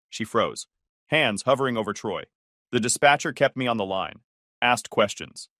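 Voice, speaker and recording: A man's voice: mid-range voice, animated, moderate pace, a bit bright, dry recording. A man narrating a first-person story in short, terse sentences, on a close, dry mic.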